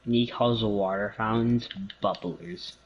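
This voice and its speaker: A man's voice: medium pitch, lively intonation, a little slow, gravelly, lo-fi sound, slight background noise. A man from Canada in a casual gaming chat, joking, teasing and rambling.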